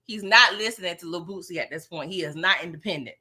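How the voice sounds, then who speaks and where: A woman recapping TV episodes in casual, slangy commentary, animated and sassy, swearing freely. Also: fairly low pitch, quick pace. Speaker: show reviewer.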